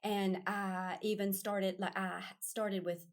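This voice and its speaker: A woman's voice: medium pitch, flat delivery, slow. A middle-aged woman, a podcast guest telling a personal story in casual conversation, earnest and full of restarts. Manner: earnest, storytelling with quoted voices.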